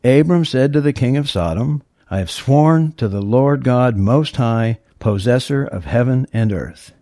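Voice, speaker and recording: A man's voice: mid-range voice, expressive, measured pace, warm tone, no room sound, studio quality. A man preaching a sermon, teaching in an earnest tone, leaning hard on key words and often restarting his phrases.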